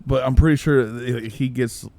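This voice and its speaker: A man's voice: mid-range voice, fairly even intonation, moderate pace, darkish tone, no room sound. Rambling man on a movie podcast. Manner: rambling, trails off mid-thought. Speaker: podcast co-host. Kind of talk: casual movie discussion. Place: podcast studio.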